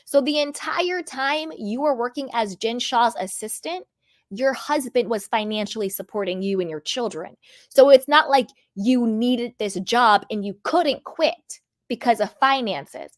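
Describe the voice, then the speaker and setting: A woman hosting a reality TV commentary vlog, sassy and animated as she scolds. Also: fairly high pitch, measured pace, no room sound, clean studio sound. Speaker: commentary host.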